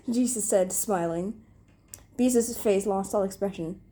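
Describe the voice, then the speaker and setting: A young woman reading comic fan fiction aloud, deadpan with occasional giggles. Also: medium pitch, measured pace. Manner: breaks into giggles, deadpan delivery. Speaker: reader.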